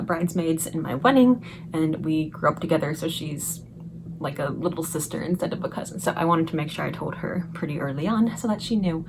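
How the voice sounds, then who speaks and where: A young woman vlogger telling a personal story in a chatty, excited way, laughing often. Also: low voice, background noise. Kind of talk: casual storytelling vlog. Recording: music playing behind the voice.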